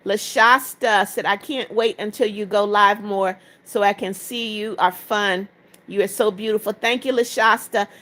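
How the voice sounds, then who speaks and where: A woman's voice: medium pitch, steady tone, normal speed, fairly bright tone. A woman in her seventies hosting a live stream, tired after hours of talking, reading each viewer comment aloud and answering it briefly. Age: 70s. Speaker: livestream host.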